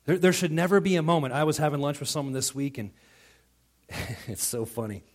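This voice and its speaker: A man preaching a sermon as pastor, animated and quick to act out what others say, often restarting his words. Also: on the high side. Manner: animated, acts out quoted voices, frequent stammered restarts.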